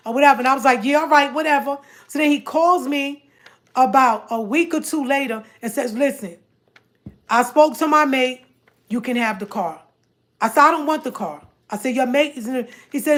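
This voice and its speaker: High-voiced woman telling a story, animated. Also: fairly quick. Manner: animated, repeats herself, quotes others in dialogue. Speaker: vlogger telling a personal story. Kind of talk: casual storytelling.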